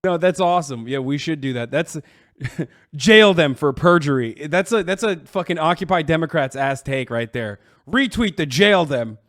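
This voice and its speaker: A man with a fairly high voice reacts to a video, scoffing and swearing through sarcastic rants. The sound is dry and close to the mic. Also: expressive, normal speed, dry recording. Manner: mocking, sarcastic, heavy swearing. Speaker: streamer reacting to a clip. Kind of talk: profane reaction commentary.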